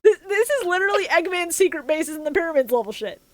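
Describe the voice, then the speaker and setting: A woman's voice: very high voice, quick pace, no echo. A woman co-hosting a casual podcast, recapping an anime episode with lots of laughter, swearing and acted-out lines. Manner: excitable, laughing, swearing, acts out characters in retelling. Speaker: podcast co-host.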